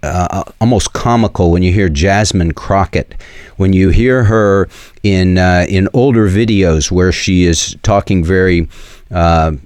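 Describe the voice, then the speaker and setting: Deep-voiced Southern man preaching commentary. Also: a little slow, a little mellow, no room sound, clean studio sound. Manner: preachy, earnest, with frequent fillers and restarts. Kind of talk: opinion commentary with scripture.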